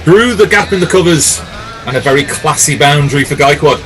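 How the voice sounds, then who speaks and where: A man giving live ball-by-ball cricket commentary, with lively calls and jokey banter with his co-commentator. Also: a little high, a little fast, soft background music.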